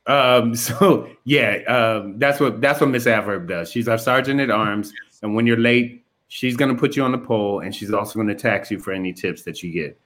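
A man from the Detroit area co-hosting a casual political chat, excitable and profane, quoting people in mock voices. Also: medium pitch, moderate pace, few pauses. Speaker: podcast co-host.

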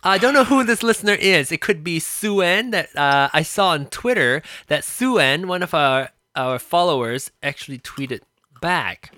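A woman's voice: on the low side, lively intonation, normal speed, a bit bright, no room sound, studio quality. A woman co-hosting a podcast, chatting casually in a teasing, playful way. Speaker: podcast co-host. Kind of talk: casual chat.

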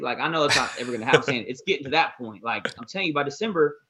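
A man co-hosting a casual basketball podcast, talking fast and emphatically and leaning on "most importantly". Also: medium pitch, animated, crowd noise. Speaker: podcast co-host, basketball analyst. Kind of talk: casual sports talk.

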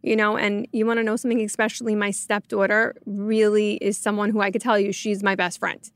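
A woman in her forties hosting a podcast, chatting openly and telling lively stories. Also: medium pitch, fairly quick, no room sound. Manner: animated storyteller, quotes voices expressively. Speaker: podcast host. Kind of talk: conversational interview.

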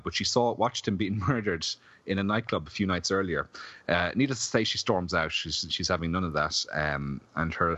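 Male podcast co-host, very low voice, loose jokey delivery, dull dry lo-fi recording. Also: fairly bright tone, dry recording. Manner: rambling, filler-heavy, jokey. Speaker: podcast co-host, film reviewer. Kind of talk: casual chat.

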